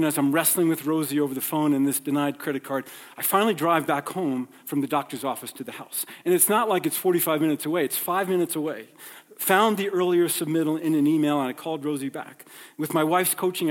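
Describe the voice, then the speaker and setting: Pastor with a slightly high voice. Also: male voice. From New York. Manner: conversational, acts out dialogue in stories. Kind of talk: sermon with personal storytelling. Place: church sanctuary. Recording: long hall reverb.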